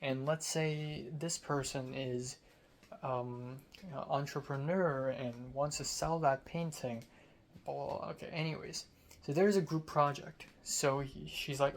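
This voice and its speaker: A young man from Hong Kong talks through his day in a casual vlog. His voice sits a little high, and he sounds sleepy as he rambles slowly with plenty of fillers. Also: fairly even intonation. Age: young adult. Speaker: student vlogger.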